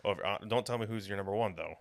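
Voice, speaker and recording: A man with a lowish, gravelly voice co-hosts a podcast in loose casual chat. He rambles from thought to thought and laughs easily between points. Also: racing. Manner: chatty and rambling, laughs often. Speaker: podcast co-host.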